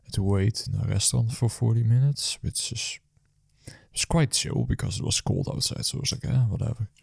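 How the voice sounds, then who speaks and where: A man's voice: lowish voice, brisk, creaky, darkish tone, slightly rough, no room sound, studio quality. A man who works as a food delivery rider, casually telling a story after his shift in a rambling, hesitant way full of fillers and restarts.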